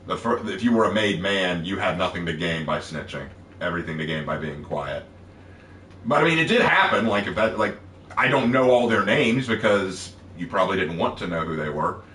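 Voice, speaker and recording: A man co-hosting a casual livestream Q&A, explaining history at a relaxed pace with fillers. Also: deep voice, reverberant, distant mic, a little hiss or hum. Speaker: co-host.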